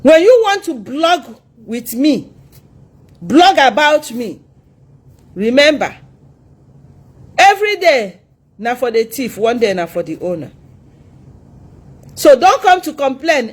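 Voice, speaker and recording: A woman with a Nigerian accent speaks live to her followers in a scolding, preacher-like manner. Her voice sits a bit high and swings widely up and down. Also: very animated, slow, long pauses, husky. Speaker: religious livestreamer. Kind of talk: live social media talk.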